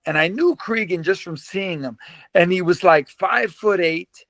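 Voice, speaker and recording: A man in his fifties with a fairly high, bright-edged voice, recorded close and dry with no room sound. He tells stories in an animated way, laughing often and repeating words as he goes. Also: moderate pace, gravelly, no echo. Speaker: guest, former pro boxer. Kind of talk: casual storytelling interview.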